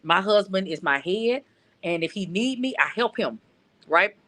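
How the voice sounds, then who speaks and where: Middle-aged woman, from North Louisiana, caller on a talk stream, earnest, repeats herself, steady medium pitch. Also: unhurried. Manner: earnest, repeats words while searching for them. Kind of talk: casual call-in chat.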